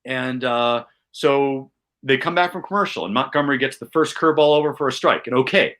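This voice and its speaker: A man from Chicago, a comedian, telling a fan memory in casual chat with rising excitement and self-mocking asides. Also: medium pitch, brisk. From Chicago, USA. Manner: animated, builds tension, self-mocking. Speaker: podcast guest, comedian.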